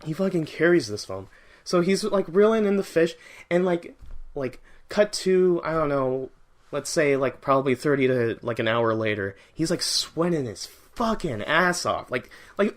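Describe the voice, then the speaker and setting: A man giving a casual first-reaction movie review, rambling, excitable and heavily profane, often restarting his sentences. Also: a little high, normal speed.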